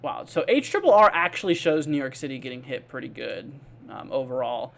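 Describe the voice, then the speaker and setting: A man's voice: mid-range voice, very animated, fairly quick, vocal fry, fairly bright tone. A man hosting a live weather stream, chatting casually with lots of fillers and answering viewers by name. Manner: rambling, filler-heavy, reads viewer comments aloud; friendly, laid-back.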